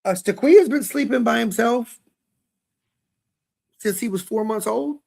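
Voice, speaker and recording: Man, high voice, gravelly, candid rambling chat, webcam. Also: measured pace, a little mellow. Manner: candid, rambling, self-deprecating. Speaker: podcast co-host. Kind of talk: casual chat. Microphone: webcam, set high.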